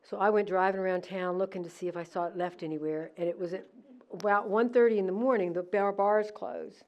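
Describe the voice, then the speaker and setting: A middle-aged woman telling a story in a casual, animated way, acting out what people said. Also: mid-range voice, fairly quick, highs cut off. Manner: animated, laughing, acts out quoted lines. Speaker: decorator at a museum holiday event.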